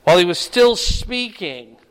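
A man's voice: high-pitched, animated, measured pace, a bit bright, clear, resonant tone. An older man preaching a sermon in a folksy, conversational way, telling stories and asking his congregation questions. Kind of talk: sermon with storytelling. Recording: long hall reverb.

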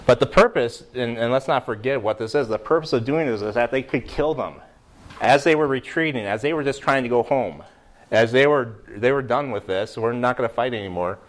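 An American man teaching a Bible class in a room with a board, lively, putting questions to the class and often restarting his sentences. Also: medium pitch, moderate pace. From United States.

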